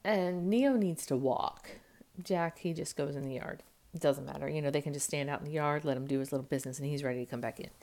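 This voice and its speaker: A woman in her thirties, a mother chatting to her camera at home, rambling through a family story and acting out what people said. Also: quick pace. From United States. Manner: rambling storytelling, acts out quotes with jumps in pitch and loudness. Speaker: vlogger and mother. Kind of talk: casual chat to camera. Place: at home, indoors. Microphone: camera mic.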